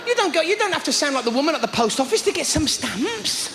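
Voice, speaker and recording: A man's voice: very high voice, fast talker. A British man doing stand-up comedy, telling stories with lots of mimicked voices. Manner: animated storytelling with many mimicked voices. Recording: loud background noise, live show recording.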